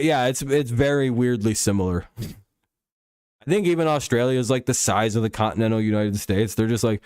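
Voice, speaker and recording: A man's voice: medium pitch, brisk, darkish tone, smooth, dry recording, studio quality. A man hosting a casual live stream, rambling and swearing freely, with chuckles and frequent restarts. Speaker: stream host.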